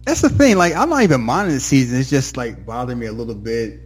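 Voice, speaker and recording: A man's voice: medium pitch, fast talker, slightly rough. A man casually recapping a TV episode with a co-host, acting out characters' lines as he goes. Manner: animated, acts out characters' lines mid-story. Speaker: podcast co-host.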